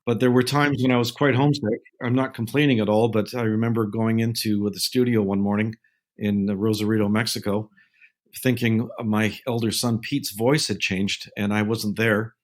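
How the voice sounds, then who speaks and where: A man in his sixties with a lowish voice tells stories as an interview guest. He takes his time and slips into the voices of the people he quotes. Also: fairly even intonation. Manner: unhurried anecdotes, acting out quoted people in his telling. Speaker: guest, naval film consultant. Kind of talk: relaxed interview storytelling.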